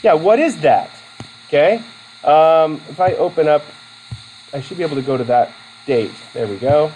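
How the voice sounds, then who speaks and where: A man's voice: fairly high pitch, normal speed, a little mellow, slight background noise, rough recording. A man from Vermont teaching a college class, chatty and self-deprecating, with many fillers and restarts as he takes student questions. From Vermont, USA. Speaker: college instructor.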